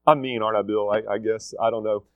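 A man's voice: lowish voice, fairly even intonation, quick pace, fairly bright tone, clean tone, no room sound. A middle-aged man gives a casual, emphatic talk to students, repeating his key points. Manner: emphatic, repeats key phrases, acts out quotes. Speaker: school leader addressing students.

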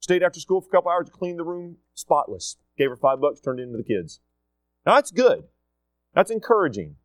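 A man's voice: fairly high pitch, very animated, brisk, no echo. Emphatic middle-aged man. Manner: emphatic, repeats key phrases, acts out quotes. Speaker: school leader addressing students. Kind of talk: casual motivational talk.

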